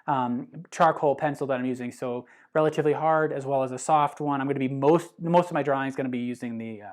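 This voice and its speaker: An art instructor hosting a live drawing session, talking through each step in a relaxed, chatty way with many fillers and self-corrections. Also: mid-range voice. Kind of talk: live drawing demonstration, thinking aloud.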